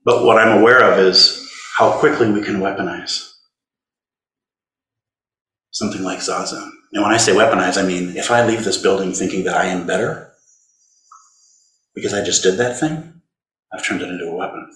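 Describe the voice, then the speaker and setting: A man teaching a dharma talk in a conversational, gentle way, turning tender as he speaks to inner suffering. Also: sits low, steady tone, moderate pace, pauses often. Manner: gentle, conversational, tender when voicing compassion. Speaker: Zen teacher. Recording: roomy hall recording.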